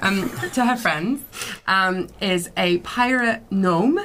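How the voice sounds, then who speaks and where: A woman's voice: medium pitch, slow, a bit bright, slight background noise. A woman playing in a tabletop game, chatting casually and giggling as she describes her character. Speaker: player.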